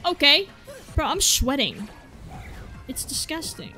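Young female let's-player, lively sing-song pitch, profane and excitable. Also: moderate pace. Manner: excitable, swears freely, reads game text aloud. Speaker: gaming channel host. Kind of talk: let's-play commentary. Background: faint game music.

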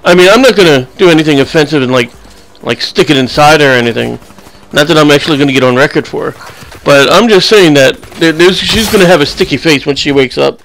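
A man's voice: a little high, fast, creaky, hardly any pauses, a bit bright, a little hiss or hum. A young man giving casual, rambling commentary over his own gameplay, full of crude jokes and banter. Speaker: gaming channel host.

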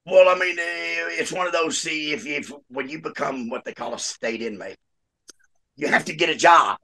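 A man's voice: on the high side, normal speed. A man telling a jail story as a guest, swearing freely and laughing as he talks. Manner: animated, swears a lot, laughs mid-story. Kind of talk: casual storytelling.

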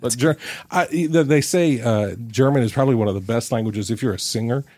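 A man's voice: medium pitch, fairly quick, a little mellow, dry recording. A man hosting a podcast, chatting casually as he reads out quiz questions and riffs on the answers. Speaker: podcast host. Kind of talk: casual interview chat.

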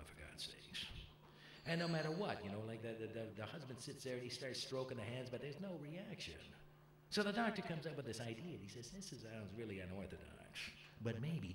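A man doing a Jack Lemmon impression, playing an excitable, chummy older joke-teller telling a story on stage in a live show. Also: mid-range voice, slight background noise, pitched below the performer's own voice, lightly acted. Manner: fussy, sputtering, loud bursts. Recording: echoey live club, mic at a distance.

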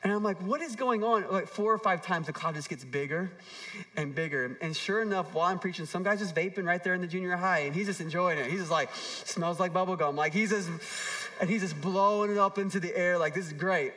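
A man in his thirties preaching a sermon to a church audience. He tells stories and acts out quoted voices, moving between hushed asides and emphatic appeals. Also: high voice, fairly quick, recorded from a distance. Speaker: pastor.

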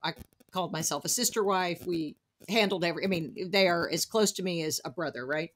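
Chatty host with a Southern twang. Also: female voice, fairly low pitch, a little fast. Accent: Southern US picked up over New Jersey. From New Jersey. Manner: chatty, storytelling, laughs often, fond of playful asides. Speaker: podcast host. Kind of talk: conversational interview.

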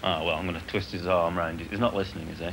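A man's voice: deep voice, steady tone, fast, vocal fry. A modest, hesitant man, an amateur wrestler, talking about his first fight. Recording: noisy 1980 TV documentary sound.

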